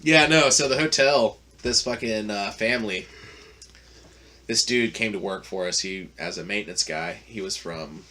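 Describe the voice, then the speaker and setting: Guy on a podcast with a lowish voice, swears a lot, rambles through a story, faint hum behind. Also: normal speed, bright, forceful tone. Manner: profane, rambling storyteller with frequent fillers. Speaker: podcast host. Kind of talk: casual storytelling.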